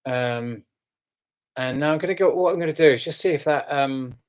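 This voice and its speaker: A man hosting a casual live stream, rambling and halting with many fillers, yawning and relaxed after some red wine. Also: mid-range voice.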